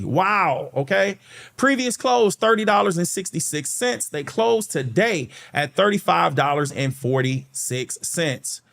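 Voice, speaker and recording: A man's voice: high voice, animated, measured pace, vocal fry. A man hosting a stock market channel, walking viewers through charts on a shared screen in a chatty way, often checking in with "okay" and calling them "guys". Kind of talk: screen-share tutorial walkthrough.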